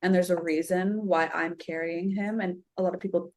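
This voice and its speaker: A woman's voice: lowish voice, steady tone, normal speed, a little mellow, no room sound. A woman from Canada, a podcast guest, talking in an earnest, emphatic way in casual chat.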